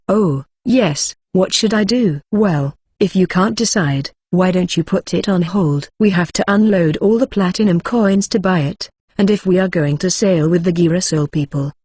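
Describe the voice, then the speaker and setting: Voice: medium pitch, darkish tone, slightly rough, no room sound, clean studio sound. An audiobook reader narrating a light novel, voicing narration and every character's lines in the same plain voice.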